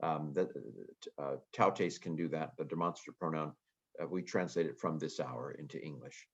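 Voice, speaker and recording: A man's voice: extremely low pitch, moderate pace, husky, dull audio. A man giving a casual lecture on Greek grammar, thinking aloud with frequent ums. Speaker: Greek teacher.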